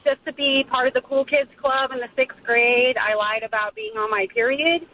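A woman's voice: high-pitched, normal speed. Hesitant woman caller on a phone line. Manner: hesitant, lots of fillers. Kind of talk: phone-in story. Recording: tinny phone line with faint hiss.

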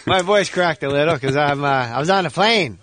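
A man's voice: a little high, expressive, fairly bright tone. Joking man on a radio show. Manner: joking, rapid riffs. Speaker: comedian guest. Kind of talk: radio show banter with impressions.

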